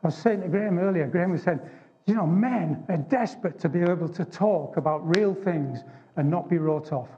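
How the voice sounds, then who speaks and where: High, warm man telling testimony. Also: fairly quick. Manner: animated, emphatic storytelling. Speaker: speaker at a men's gathering. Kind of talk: testimony sermon. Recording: dull lo-fi recording.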